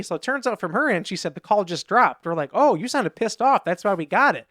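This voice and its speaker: Fast-talking man telling rambling stories. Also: high voice, expressive, fairly bright tone, dry recording, studio quality. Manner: rambling anecdotes, acting out quotes in raised voices. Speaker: podcast co-host. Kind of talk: casual chat.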